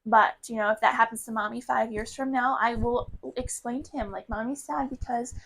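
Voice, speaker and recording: A woman's voice: fairly high pitch, fairly even intonation, brisk, fairly bright tone, low-quality recording. Earnest young woman, candid podcast chat. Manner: candid, earnest, talks in runs of repeated phrases. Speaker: podcast co-host. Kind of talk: casual heart-to-heart chat.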